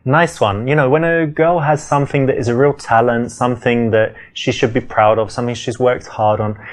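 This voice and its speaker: A man's voice: mid-range voice, fairly even intonation, fairly quick, close to an everyday voice. A man with a London British accent playing a confident dating coach who chats up a date in a video game. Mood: relaxed charm. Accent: British English, London. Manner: confident, chatty and smooth. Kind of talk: scripted game dialogue and coaching voice-over.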